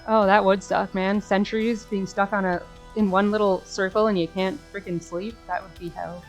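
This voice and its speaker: A young woman streamer making casual, amused asides as she plays a game, often trailing off quietly. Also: mid-range voice, level tone, moderate pace, hardly any pauses, faint music behind.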